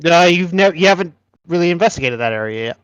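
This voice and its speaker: A man narrates as game master, describing rooms and giving his players choices, with a few fillers between phrases. His voice sits a bit high and moves up and down a lot, recorded dry and close. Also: expressive, clear, resonant tone, no room sound, lo-fi sound. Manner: describes scenes with fillers and quick laughs.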